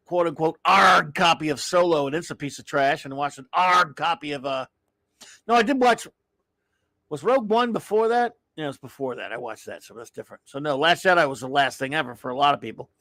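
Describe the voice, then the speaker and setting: Middle-aged male host, exasperated and rambling, fairly high voice, dry recording. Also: a bit bright, dry recording. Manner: exasperated, rambling, with sighs and restarts. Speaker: show host. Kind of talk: casual live-stream rant.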